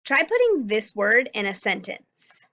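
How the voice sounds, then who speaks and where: Slow, clear woman teaching phonics. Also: medium pitch, very animated, bright, forceful tone, highs cut off. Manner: slow, clear, carefully sounding out letters. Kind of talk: phonics lesson for young children.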